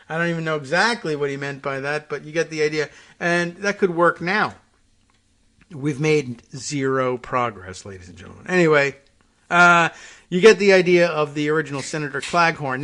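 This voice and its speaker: Male talk host with a slightly high voice, loose wry on-air riffing with chuckles. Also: fairly bright tone. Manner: rambling, wry, chuckling, many fillers and restarts. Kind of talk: casual monologue reading and riffing on air.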